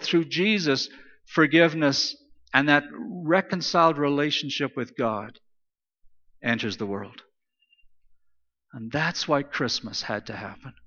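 A man's voice: on the high side, pushed and bright, big-room sound, lo-fi sound. A man preaching a sermon in an emphatic style, repeating phrases for stress. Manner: emphatic, repetitive preaching cadence. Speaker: pastor.

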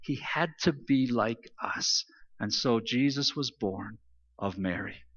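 A man's voice: mid-range voice, slow pace, fairly bright tone, in a large hall, muffled recording. A man preaching a sermon in an emphatic style, repeating phrases for stress. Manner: emphatic, repetitive preaching cadence. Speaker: pastor.

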